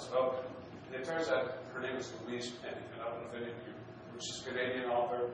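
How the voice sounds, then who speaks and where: A middle-aged man, a minister, tells a personal story from the pulpit in a relaxed, humorous, conversational way, often restarting his phrases. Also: medium pitch, fairly quick, few pauses. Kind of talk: storytelling sermon. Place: church sanctuary. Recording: very echoey hall, distant, noisy.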